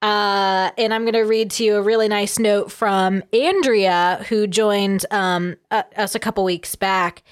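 A woman's voice: mid-range voice, fairly even intonation, smooth. A woman co-hosting a podcast, chatting casually and reading out listener messages with many fillers. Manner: chatty, halting with fillers, laughs often. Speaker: podcast co-host.

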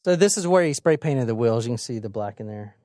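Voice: mid-range voice, fast talker, no echo, studio quality. A podcast co-host retelling a true crime case in a casual, dramatic way, with frequent swearing. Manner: animated, profane, dramatic retelling.

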